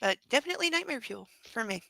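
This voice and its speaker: Bright-voiced woman reading with wry asides. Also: on the high side, lively intonation, fairly quick, vocal fry, no echo, low-quality recording. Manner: wry and irreverent, drops to a hushed whisper for some narration. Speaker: book club podcast host. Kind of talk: reading a novel aloud with sarcastic commentary.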